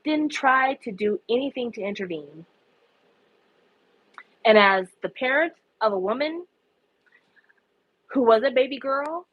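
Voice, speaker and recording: A woman's voice: on the high side, breathy edge, dry recording, lo-fi sound. A woman giving impassioned, profane casual commentary, her voice rising in anguished outbursts. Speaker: K-pop commentary vlogger.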